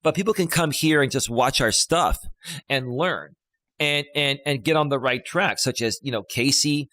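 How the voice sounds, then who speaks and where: A man in his fifties hosts a casual live stream as a life coach. He rambles and repeats himself, but stresses his points with emphasis. His mid-pitched voice sounds dry and close to the mic, with no room around it. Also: moderate pace, pushed and bright, no echo. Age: 50s. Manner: rambling, emphatic, with many fillers and restarts.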